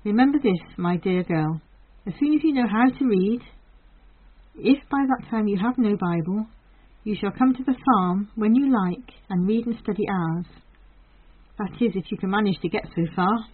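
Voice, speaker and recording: A woman's voice: mid-range voice, moderate pace, husky, natural voice. A woman reading the part of a kind, motherly farmer's wife who chats cheerfully, in a thin phone-like recording. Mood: kindly. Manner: warm chatty neighbourly tone.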